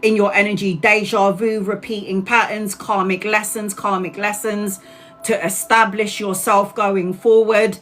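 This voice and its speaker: A woman giving a live tarot reading in a loose, chatty way, blunt and quick to swear and laugh. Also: medium pitch, level tone, a bit bright, faint music behind. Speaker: tarot reader. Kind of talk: live-streamed tarot reading, casual chat.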